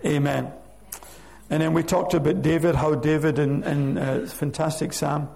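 A man preaching a sermon to his church, reading scripture aloud with slow, emphatic stress. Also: on the high side, little pitch movement, gravelly, dark tone. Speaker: pastor. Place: church sanctuary.

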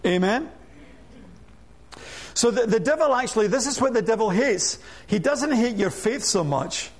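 A man preaching a lively sermon, full of rhetorical questions and humorous asides. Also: very high voice, moderate pace.

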